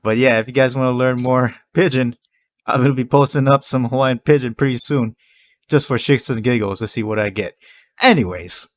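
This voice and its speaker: A young man chatting casually on a podcast, laughing and imitating phrases as he explains them. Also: medium pitch. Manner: slow, lively, laughs and mimics phrases. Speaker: podcast guest.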